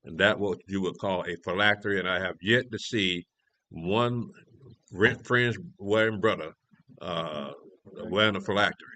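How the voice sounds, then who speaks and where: An elder teaching a prophecy class reads scripture verses at a normal speed in a low voice. His sound is pushed and bright, with no room sound. He teaches conversationally, restarting often and asking rhetorical questions.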